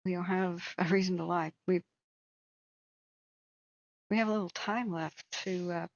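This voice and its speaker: Low, flat-voiced angry woman ranting. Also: unhurried, gravelly, no echo, highs cut off. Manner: blunt and heated, swearing. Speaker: wildfire tracking vlogger. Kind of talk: angry commentary rant.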